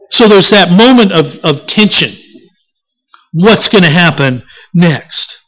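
Lively preacher with a wide-ranging pitch. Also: takes it slowly. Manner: lively, expressive delivery with rhetorical questions; corrects themselves mid-sentence. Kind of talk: sermon.

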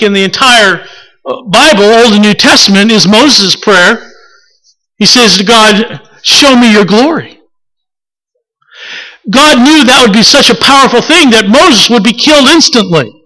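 A male preacher with a high voice works through a sermon at an unhurried pace, reflective and steady. His tone is bright and forward, and he often stops to put rhetorical questions to the congregation. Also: low-quality recording.

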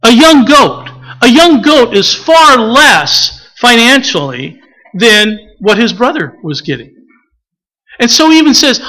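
A preacher delivering a sermon with a lively, swooping delivery and a bright, forceful tone. The preacher often acts out scripture quotes and turns to ask the listeners questions. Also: high-pitched, a little slow, low-quality recording.

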